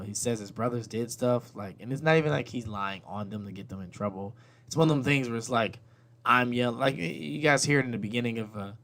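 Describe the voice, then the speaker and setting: A man's voice: mid-range voice, fairly bright tone. A man in his thirties hosting a podcast, telling candid, rambling stories about his kids with casual swearing. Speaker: podcast host. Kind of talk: comedic storytelling monologue.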